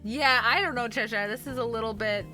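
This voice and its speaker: Guitar music plays behind a gushing, giggly woman streamer who greets viewers, chats and reads a story out loud. She speaks a little fast in a fairly high, pushed, bright voice.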